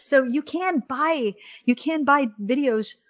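A woman in casual conversation, enthusiastically retelling a film plot with animated, acted-out quotes. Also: sits high, slow pace. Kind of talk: casual chat about films.

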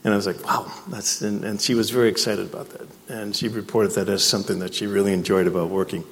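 A man's voice: on the low side, flat delivery, fast talker. A man, a chief executive, speaking plainly to a live breakfast audience and repeating words as he searches for them. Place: event hall. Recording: long reverb of a hall.

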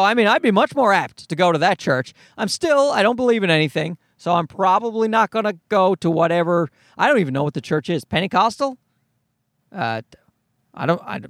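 A man's voice: high voice, a bit bright, no echo, clean studio sound. A man hosting a podcast who tells a rambling, sarcastic story full of swearing. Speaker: podcast host. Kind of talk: comedic storytelling monologue.

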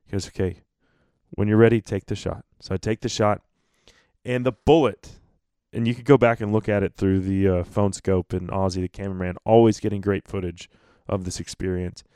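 A man with a low, smooth, resonant voice tells a hunting story on his podcast. He is animated, breaks into laughter and acts out the quotes of others. The sound is dry and close to the mic. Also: normal speed, dry recording. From North America. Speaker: podcast host.

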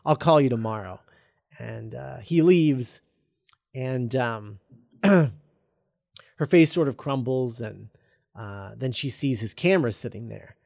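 A man casually retelling a film script as a podcast host, halting with lots of ums and uhs. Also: mid-range voice, vocal fry, dry recording, clean studio sound. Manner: halting, full of ums and uhs, reads quoted lines flatly. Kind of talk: casual chat.

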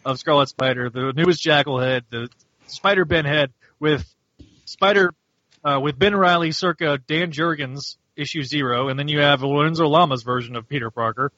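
A man casually reviewing a comic book on a podcast, animated and mocking as he recaps the plot. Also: fairly high pitch, dry recording, dull audio. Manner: animated, mocking, does quick voices for characters. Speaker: podcast host.

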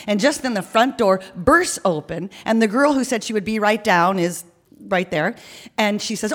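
A woman telling a story to a live audience in an animated, chatty way, dotted with ums and okays. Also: medium pitch, normal speed.

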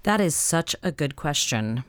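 A woman with a Southern US accent co-hosting a podcast, chatting in an animated way, laughing often and trailing off mid-sentence. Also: deep voice, unhurried, clear, resonant tone, no room sound, clean studio sound. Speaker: podcast co-host. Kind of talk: casual chat about witchcraft practice.

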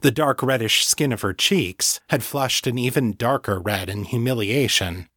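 A man reading fiction aloud as an audiobook narrator, in a measured, deliberate way. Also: medium pitch, a bit bright, dry recording, clean studio sound. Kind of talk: scripted narration.

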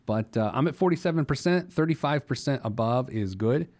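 Expressive and brisk, a man with a medium-pitched, slightly mellow voice runs a personal finance podcast. He hands out money advice in a casual, joking monologue, laughing at his own silly moments.

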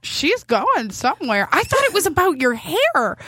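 A woman's voice: sits high, huge pitch swings, moderate pace, bright, forceful tone, a little hiss or hum. A woman co-hosting a podcast in casual, playful chat. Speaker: podcast co-host.

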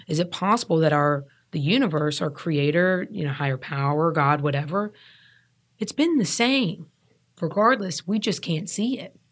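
A woman in her thirties, appearing as a guest, tells her recovery story candidly, speaking earnestly and emphatically and often repeating herself to drive a point home. Her voice is low-pitched and expressive, at a normal speed.

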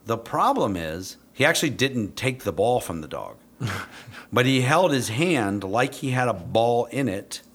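Here a middle-aged police dog trainer recounts an episode with profanity and a loose, blunt manner, often breaking into lively impressions of what he said. His voice sits in the mid range.

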